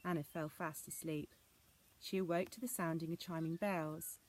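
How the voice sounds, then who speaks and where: A woman reading an old fairy tale aloud as a storyteller, in a measured storybook manner. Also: low-pitched, fairly even intonation, a little mellow, slight background noise.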